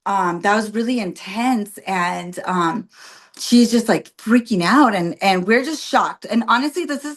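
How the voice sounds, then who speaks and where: A woman in her thirties recounts a personal story as a podcast guest, talking in a loose, animated way with constant fillers. She laughs often and lets emotion come through as she tells it. Her voice sits at an ordinary middle pitch for a woman. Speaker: podcast guest, birth worker. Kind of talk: casual storytelling.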